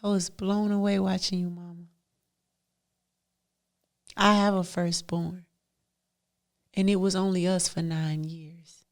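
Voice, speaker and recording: A woman's voice: on the low side, flat delivery, slow pace, long pauses. A woman, hosting a heartfelt solo podcast, emphatic and repetitive, laughing often. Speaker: podcast host.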